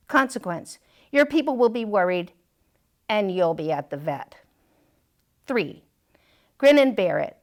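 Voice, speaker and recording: A storytime reader, a woman with a medium-pitched voice, reads a picture book aloud. She voices a wise, self-assured male dog who writes an advice column, sounding confident and wry.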